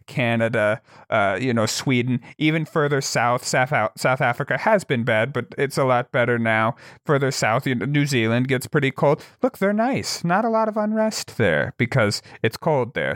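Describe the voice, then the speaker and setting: A man's voice: medium pitch, fairly bright tone, no room sound. Fields: Voice: man, casual podcast co-host. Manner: profane, laughing, dry sound. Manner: loose and profane, laughs often, quick bursts of speech. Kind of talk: casual chat.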